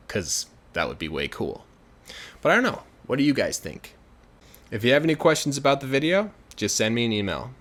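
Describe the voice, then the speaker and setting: A man telling a folk tale casually in a chatty, filler-filled way. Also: medium pitch. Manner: chatty, many fillers, grows animated. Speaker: storyteller. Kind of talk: casual storytelling.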